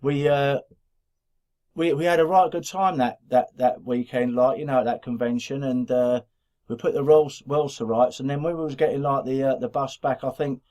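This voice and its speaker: This podcast co-host, a middle-aged Black Country man, talks casually with a local accent, wandering off and frequently restarting sentences. He speaks at normal speed in a medium-pitched, steady, dark voice.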